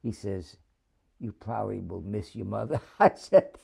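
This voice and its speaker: An older man from New City, telling his war memories in an oral history interview with frequent chuckles and halting restarts. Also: fairly low pitch, creaky, a little mellow, breathy edge. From New York City.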